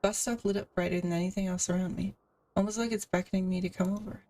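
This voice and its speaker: A woman's voice: mid-range voice, steady tone, fast talker, mellow, far from the mic. A woman streamer reading a visual novel aloud, with casual asides between the narration.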